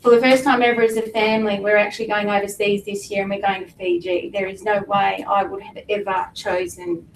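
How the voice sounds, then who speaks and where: A middle-aged woman giving an emotional personal testimony to an audience, halting and fighting back tears. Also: medium pitch, level tone, a little hiss or hum. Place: meeting room with an audience. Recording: echoey room from a distance with faint ambience.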